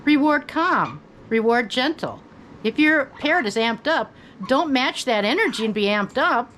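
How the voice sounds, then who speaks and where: An older woman who hosts her own channel, giving relaxed, folksy advice about parrots at home and chatting to her bird now and then. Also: high voice, a little slow, slight background noise, rough recording. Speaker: parrot owner and channel host. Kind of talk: casual advice talk. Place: indoors at home, by her bed.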